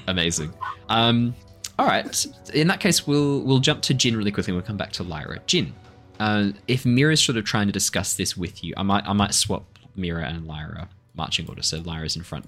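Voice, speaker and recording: A man acting as game master, narrating a tabletop game in an animated way, often laughing and correcting himself. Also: fairly low pitch, a little fast, soft background music.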